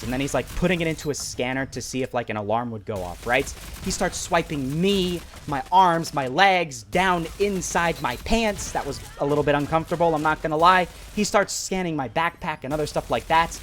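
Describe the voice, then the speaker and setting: A man who is a mobile gaming YouTuber, telling a story in an animated, casual way full of "like" and "right?". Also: a little high, a little hiss or hum. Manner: animated, lots of fillers like "like" and "right?".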